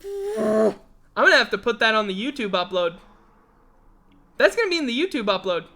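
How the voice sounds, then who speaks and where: A man's voice: very high-pitched, sing-song, moderate pace, pushed and bright. A man hosting a live stream, chatting casually and rambling, swearing freely and joking at his own expense while sounding yawny and tired. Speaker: livestream host.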